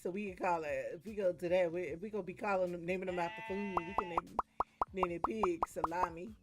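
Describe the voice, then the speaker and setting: Talkative joking woman, low voice. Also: fast, loud music behind the voice. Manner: talkative, joking, breaks into big laughs; animated storytelling. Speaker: gaming streamer. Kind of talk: casual chat while gaming.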